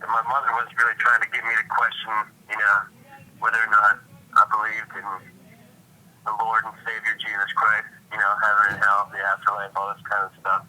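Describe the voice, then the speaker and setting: A young man talks through his story in a loose, rambling way that leans on filler words. His low voice barely moves in pitch and has a sharp, tense edge. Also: completely flat delivery, a little fast, rough recording. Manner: rambling, full of "like" and "you know". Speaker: interviewee. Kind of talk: casual personal recollection.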